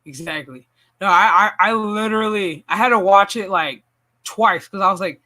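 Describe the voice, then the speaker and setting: High, bright-voiced man chatting casually. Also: normal speed. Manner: animated, profane, laughs often. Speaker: channel host. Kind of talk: casual stream chat.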